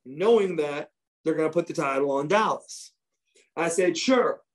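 A man's voice: fairly high pitch, moderate pace. A man, a former wrestler, telling stories from his career in a casual chat, swearing freely and acting out what others said.

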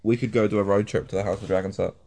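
Chatty English man, lower voice. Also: fairly even intonation, rapid-fire, creaky, mellow. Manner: chatty, storytelling, laughs often, swears freely. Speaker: podcast co-host. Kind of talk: casual podcast chat.

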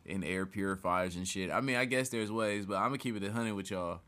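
A man hosting a casual sports podcast, profane and animated, getting loud when worked up. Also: low-pitched, fairly quick. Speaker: podcast host.

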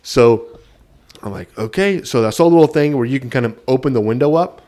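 A man chatting on a podcast, spinning a story with plenty of laughs breaking into his sentences. His voice sits in a middle pitch. He keeps a loose, casual flow. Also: brisk. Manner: animated storyteller who laughs mid-sentence. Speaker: podcast co-host. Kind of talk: casual chat.

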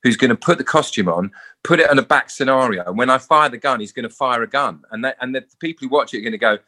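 A man's voice: medium pitch, quick pace. A man, an actor being interviewed, chatting casually and acting out the people in his stories. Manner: animated storyteller acting out quotes. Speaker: actor guest.

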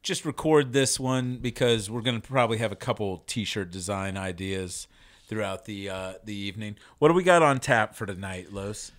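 A man's voice: lowish voice, moderate pace, fairly bright tone. A man co-hosting a casual podcast, laid-back with a dry sense of humor. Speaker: podcast co-host.

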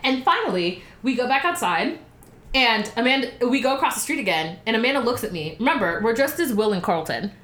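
A woman's voice: fairly high pitch, fairly quick, reverberant. A woman casually telling a story, swearing freely and acting out quotes in different voices. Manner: animated, profane, acts out quotes in voices.

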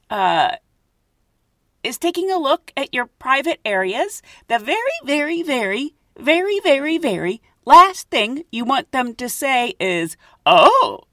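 Female podcast host, self-mocking storyteller, very animated pitch, dry closet recording. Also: dry recording. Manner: chatty, giggly, self-mocking. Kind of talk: casual storytelling monologue. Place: closet at home.

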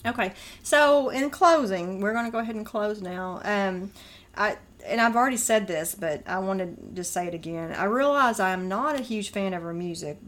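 A woman's voice: mid-range voice, normal speed, fairly bright tone. A woman co-hosting a podcast, chatting casually, laughing often and breaking into song while quizzing her sister. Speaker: podcast co-host. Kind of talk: casual chat, quizzing by reading and singing lyrics.

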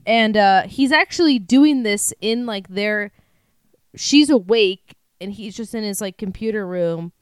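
A woman telling a crime story in a loose, profane way, laughing between lines. Her voice is smooth and clear, in a dry room with no echo. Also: medium pitch, measured pace. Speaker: podcast co-host. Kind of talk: casual true-crime chat.

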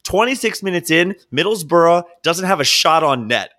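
A man hosting a podcast, telling a story about a bet in a wry, deadpan way. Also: fairly high pitch, normal speed. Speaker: podcast host. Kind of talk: casual storytelling chat.

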